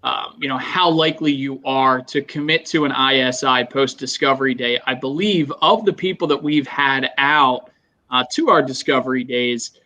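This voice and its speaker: A man's voice: medium pitch, normal speed, pushed and bright, highs cut off. A man in a casual chat, speaking in an upbeat, businesslike way about feedback.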